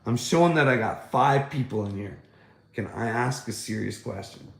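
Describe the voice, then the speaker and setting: A man's voice: medium pitch, moderate pace, gravelly, fairly bright tone, roomy sound. A man chatting casually on a livestream, mocking and swearing at viewers and laughing often. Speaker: livestreamer talking to chat.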